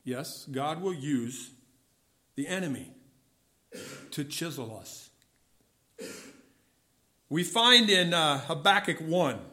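A man preaching a sermon, asking questions of the listeners, reading scripture aloud and dropping low on key words. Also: animated, slow pace, pauses often, bright, forceful tone. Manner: reads scripture aloud with rising voice.

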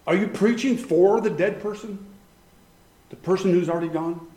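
A man pastor preaching a sermon, emphatic, swinging from hushed asides to loud declarations. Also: a little high, echoey room.

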